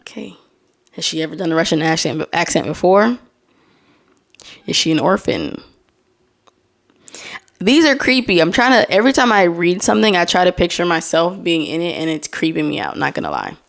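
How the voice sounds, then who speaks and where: A woman's voice: lowish voice, lively intonation, moderate pace, vocal fry, long pauses. Chatty woman hosting a casual solo podcast. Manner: chatty, reads posts aloud with laughing asides. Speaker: podcast host.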